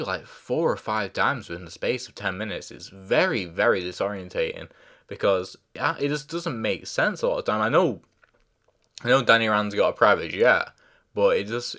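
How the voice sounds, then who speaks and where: Guy with a low voice doing a rambly casual review, keeps forgetting names and saying sorry. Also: expressive, normal speed, sharp tone. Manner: rambling, full of fillers and restarts; loses track of names, apologises. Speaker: show reviewer.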